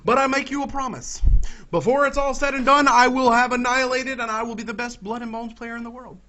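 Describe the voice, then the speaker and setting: Brief: Southern US male gaming host, bright, sharp tone, jumpy play-by-play. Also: very high-pitched, a little fast, muffled recording, a little hiss or hum. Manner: excitable, talks to himself and his viewers. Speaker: gaming YouTuber. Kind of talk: let's-play commentary.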